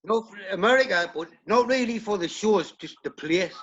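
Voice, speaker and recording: A man's voice: high-pitched, animated, normal speed, a bit bright, lo-fi sound. A man, a punk band singer, telling blunt, profanity-laced stories in a casual interview. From United Kingdom. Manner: blunt, swears heavily, tells stories acting out quotes.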